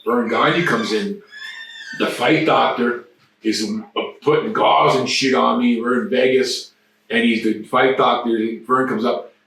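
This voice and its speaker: A man guest telling rough, profane stories in an animated way, often restarting and repeating his words. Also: mid-range voice, a little slow. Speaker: interview guest. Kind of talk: casual storytelling. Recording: echoey room, distant mic.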